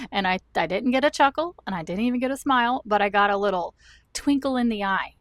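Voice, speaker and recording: A woman's voice: mid-range voice, lively intonation, brisk, dry recording. A woman in her thirties, raised in the American South, chatting to camera at home in a rambling, self-deprecating way. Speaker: vlogger. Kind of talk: chatty talk-to-camera vlog.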